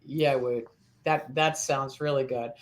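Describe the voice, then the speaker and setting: A woman hosting a casual interview, asking quick-fire questions and laughing often. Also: rumbling low, steady tone. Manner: laughs often, upbeat and chatty. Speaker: host.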